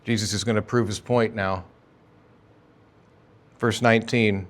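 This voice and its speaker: A man's voice: mid-range voice, measured pace. Emphatic, conversational male preacher. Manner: conversational, emphatic preaching with sudden rises and drops in energy. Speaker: pastor. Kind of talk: expository sermon. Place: church sanctuary.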